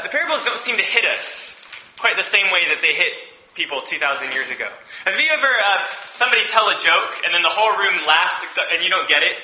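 Bright-voiced man preaching in an echoey hall. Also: high voice. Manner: conversational, restarts and asides. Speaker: pastor. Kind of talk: sermon with scripture reading. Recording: echoey room.

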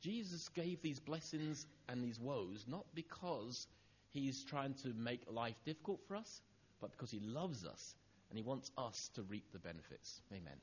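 A middle-aged man preaching a sermon, telling a personal story and acting out the dialogue, going soft and low on the tender lines. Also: very animated, normal speed, few pauses, highs cut off, slight background noise.

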